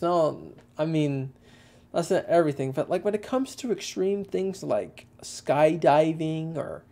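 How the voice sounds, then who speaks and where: A man's voice: a little high, expressive, unhurried, creaky, mellow. A young man from Texas with a Texan accent, rambling through casual livestream chat with lots of fillers and restarts. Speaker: livestream host.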